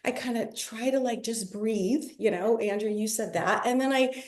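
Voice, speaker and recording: Animated high-voiced woman in a roomy space. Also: moderate pace. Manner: animated, acts out her own reactions in quotes. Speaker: book group member. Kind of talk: casual group discussion.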